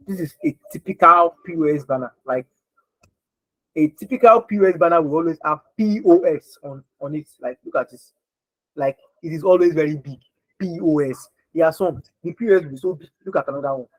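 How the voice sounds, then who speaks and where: A man's voice: fairly high pitch, breathy edge, no echo, low-quality recording. Emphatic man teaching design. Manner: repetitive, emphatic, keeps checking if listeners follow. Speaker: design instructor. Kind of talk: online screen-share lesson.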